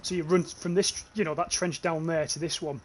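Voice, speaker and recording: A young man from northeast England, accent near North Yorkshire, commentates casually on his live gameplay, swearing freely and tripping over restarts. He speaks briskly in a steady voice that's a little high for a man, over a faint hum of background noise.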